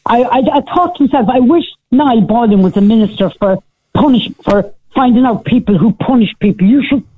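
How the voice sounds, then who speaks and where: A woman's voice: on the high side, brisk, breathy edge. Older Irish woman on a tinny phone line. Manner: animated storyteller, sarcastic, acts out quoted speech. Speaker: caller. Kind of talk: radio phone-in chat.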